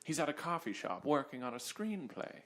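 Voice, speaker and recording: A man doing an impression of a pompous, lecherous ghost of a famous old filmmaker, talking grandly and loudly. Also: sing-song, normal speed. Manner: grandiose, booming, boastful.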